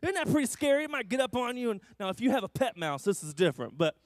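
A high-voiced man gives a children's sermon, drawing out stories with big, playful expression and talking straight to the kids. The sound is close and dry, with no room around it. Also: quick pace, no room sound. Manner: animated, exaggerated storytelling to kids. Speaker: children's church leader.

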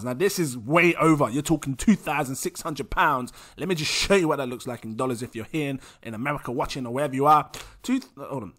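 A man's voice: medium pitch, fairly bright tone. A young British man hosting a casual crypto vlog, giggly and scattered and mocking himself. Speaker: crypto vlogger.

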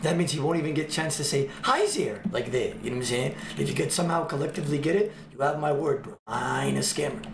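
A man livestreaming, joking with his chat in loud, swearing banter. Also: a little high, fast talker, vocal fry, hardly any pauses, roomy sound, background noise.

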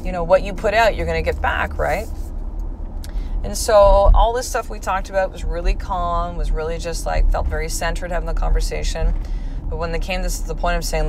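A woman with a somewhat low voice hosts her own podcast, talking candidly and loosely. She rambles with plenty of fillers as she tells the story. A faint hiss sits under her voice. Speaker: podcast host and mother. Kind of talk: casual podcast monologue.

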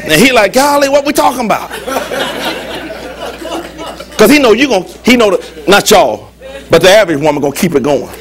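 A man preaching a lively, humorous sermon as pastor in a church, with call-and-response. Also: high-pitched, quick pace, some chatter behind. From United States.

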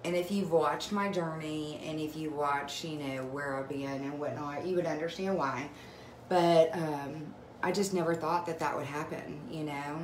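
At a normal pace, a young woman with a low-pitched voice raves emotionally about skincare on a casual live video chat for her direct-sales vlog. The phone-mic recording has room echo and faint hiss, as she's at home.

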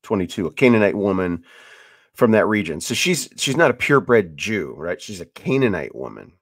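Animated, rambling low-voiced man. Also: normal speed, slightly rough, dry recording, clean studio sound. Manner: animated and rambling, with many restarts and emphatic bursts. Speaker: podcast host. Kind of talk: casual Bible teaching podcast.

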